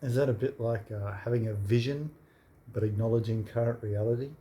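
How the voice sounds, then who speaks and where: A man's voice: mid-range voice, fairly quick, dark tone. Plain-spoken man chiming in. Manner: plain-spoken, chimes in with short remarks. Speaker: co-host. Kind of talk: casual conversation.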